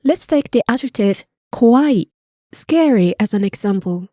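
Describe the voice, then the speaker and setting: A woman co-hosts a language lesson in a slightly high, warm voice. She explains grammar patiently and models pronunciation slowly, recorded close and dry. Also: expressive, no room sound. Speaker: native-speaker co-host teaching Japanese. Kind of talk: scripted podcast lesson.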